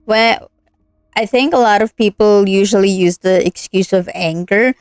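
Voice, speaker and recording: A woman's voice: medium pitch, normal speed, clear, resonant tone, no echo. A young woman streaming a story game, ranting earnestly between lines with lots of fillers. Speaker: streamer playing a visual novel. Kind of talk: casual gameplay commentary.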